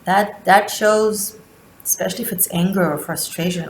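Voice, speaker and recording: A woman tarot reader giving a spiritual monthly reading, speaking slowly and deliberately with long pauses. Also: medium pitch, steady tone, reverberant, a little hiss or hum, poor audio. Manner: slow, deliberate delivery with drawn-out pauses.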